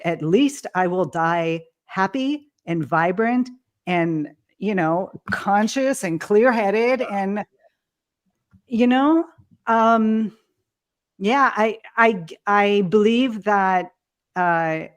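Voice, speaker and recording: Slow-talking woman podcast guest. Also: medium pitch. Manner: earnest, deliberate, reflective. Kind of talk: casual podcast chat.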